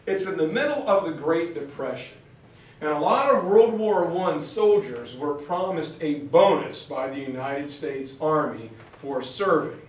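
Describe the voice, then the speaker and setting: A man's voice: on the high side, a little slow. Chatty male teacher in an echoey room. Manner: casual, chatty, animated. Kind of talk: classroom history lecture, storytelling. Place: classroom. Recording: very echoey room, far from mic.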